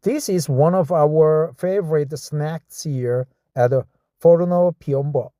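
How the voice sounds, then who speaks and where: A man from South Korea, whose first language is Korean, practicing an English script aloud with a Korean accent, slowly repeating words and phrases and correcting himself mid-word. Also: fairly high pitch, dark tone, dry recording, studio quality. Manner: slow, repeats words and phrases over and over to drill them. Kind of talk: reading practice with self-commentary.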